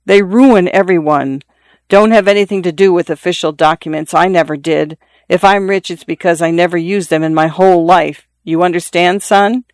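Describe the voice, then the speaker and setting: A dying father in his forties, pressing his grown son with urgent, repeated instructions, as a reader acts him out. The voice is smooth and resonant, heard dry and close to the mic. An audiobook reading with a plain, everyday delivery. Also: medium pitch, normal speed, no echo, lightly acted. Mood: confiding. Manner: confiding, insistent, repeating himself. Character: dying middle-aged father, earnest and pleading.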